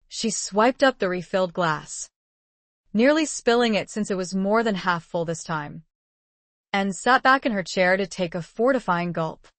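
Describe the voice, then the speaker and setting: A woman narrating a romance audiobook in a measured, expressive reading, on a close studio mic. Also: medium pitch, dry recording.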